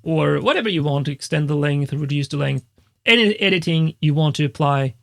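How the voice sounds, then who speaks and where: A man who is a music composer and educator, casually demonstrating software step by step in a tutorial, with frequent fillers. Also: fairly high pitch, a little fast, creaky. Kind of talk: screen-recorded software tutorial.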